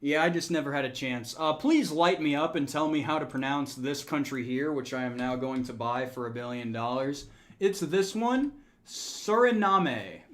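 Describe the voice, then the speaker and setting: A gaming streamer plays a strategy game and chats casually with his live audience, joking, laughing a lot, and counting numbers out loud. His voice is mid-range and his pace moderate.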